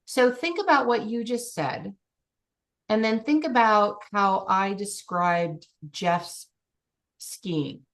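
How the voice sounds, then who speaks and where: A middle-aged woman coaching a client in a lively, expressive way. Her voice sits at an ordinary middle pitch. She acts out imagined scenes with real excitement and gushing feeling. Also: slow. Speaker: life coach.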